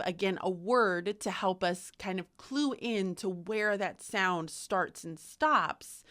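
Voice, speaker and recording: A woman's voice: mid-range voice, pushed and bright. A young adult woman teaching phonics to camera, speaking carefully and sounding out letters as she demonstrates. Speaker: literacy teacher.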